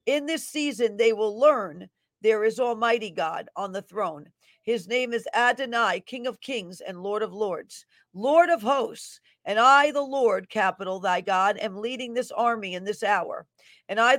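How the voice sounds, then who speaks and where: A woman minister delivering a prophetic word in a declamatory preaching style. Her voice swells on the divine declarations and drops low for her asides, and she reads scripture with an emphatic cadence. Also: a bit bright, no room sound.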